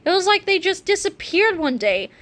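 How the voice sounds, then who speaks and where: A woman voicing an excited grown man revisiting his childhood in a storybook. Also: extremely high pitch, moderate pace, voice pushed up, full character voice. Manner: crying out.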